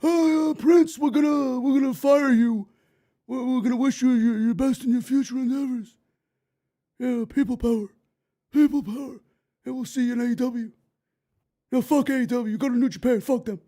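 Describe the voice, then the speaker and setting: A man's voice: very high-pitched, steady tone, normal speed, warm tone. A man doing a mocking impression of a smug male wrestling executive on a phone call.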